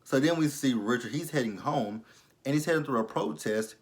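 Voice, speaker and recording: A young man recapping a TV drama episode in a casual, profane, animated way, acting out the characters' lines and laughing often. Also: mid-range voice, brisk. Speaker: TV episode reviewer.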